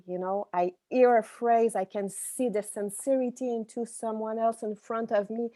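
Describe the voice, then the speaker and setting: A woman's voice: medium pitch, a little mellow. A woman with a French accent sharing on a video call, hesitant and repeating words as she searches for them. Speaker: participant.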